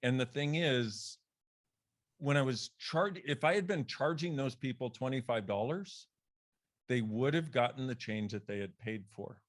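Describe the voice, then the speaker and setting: A man, a guest author, telling a personal story in a podcast conversation in an animated way, laughing, swearing and acting out other people's voices. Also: measured pace. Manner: animated, laughs, swears, acts out quoted voices with big pitch jumps.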